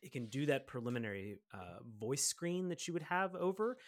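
A performer improvising a comedy bit as an agent, explaining things in an animated way. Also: medium pitch, moderate pace.

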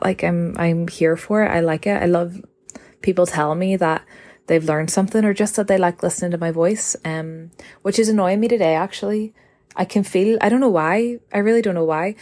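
Chatty mid-twenties woman, lowish voice. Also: a little mellow. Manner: chatty, rambling, heavy use of "like", self-correcting. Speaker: podcast host. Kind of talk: casual solo podcast chat. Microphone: phone.

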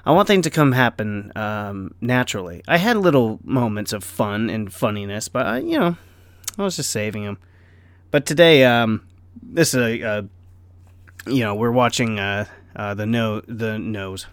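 A man's voice: on the low side, animated, moderate pace, clear, resonant tone, no room sound. A middle-aged man rambling casually in a vlog, self-deprecating and laughing often, with lots of fillers. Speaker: vlogger.

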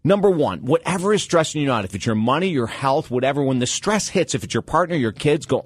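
A man hosting a radio talk show with an energetic, motivational delivery. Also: mid-range voice, moderate pace, few pauses, no room sound.

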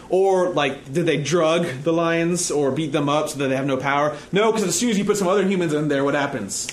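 A fairly high-voiced man gives a casual, conversational sermon, often checking in by asking "right?". He is recorded in an echoey room with faint background noise. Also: quick pace, hardly any pauses. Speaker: preacher and teacher.

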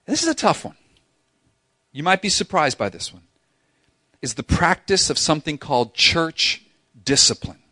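In a church sanctuary, a pastor preaches a sermon in a fairly high voice at a moderate pace, leaving long pauses. He's animated and emphatic, repeating himself a lot and sometimes acting out voices, on a dry recording.

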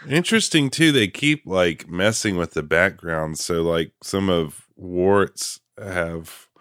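A man chatting enthusiastically about an animated film on a podcast. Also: low voice, slow, smooth, no room sound, clean studio sound. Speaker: podcast co-host. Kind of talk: casual film chat.

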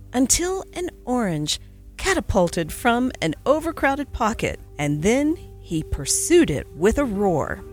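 A woman narrating a classic holiday storybook aloud with expressive, dramatic delivery. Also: medium pitch. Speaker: podcast narrator.

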